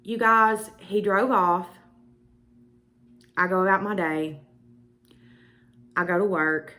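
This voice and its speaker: A woman's voice: medium pitch, slow pace, pushed and bright. A young woman with a Southern US accent, chatting to her viewers and telling a personal story with emphatic asides. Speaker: beauty vlogger. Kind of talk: casual storytelling to camera.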